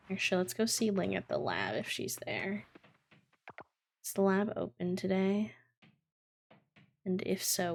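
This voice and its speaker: A woman's voice: mid-range voice, vocal fry. A young woman casually chatting to her live-stream audience while playing a farming game. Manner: relaxed, chatty, talks to chat between tasks.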